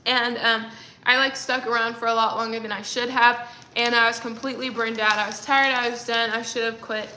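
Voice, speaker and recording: A young woman with a high, bright voice rambles through a casual livestream chat, full of fillers and restarts. She sounds like she is in an echoey room. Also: level tone, brisk, slight background noise. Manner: rambling, chatty, many fillers. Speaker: livestreaming creator.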